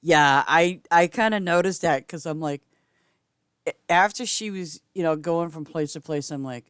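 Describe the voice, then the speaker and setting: A woman game streamer chatting casually with her viewers while she plays, rambling and swinging between loud greetings and quiet asides. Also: slow pace, pauses often, no echo, clean studio sound. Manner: chatty, rambling, repeats "I'm just saying"; lively swings in pitch and loudness, sometimes whispering. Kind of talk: casual gameplay chat with viewers.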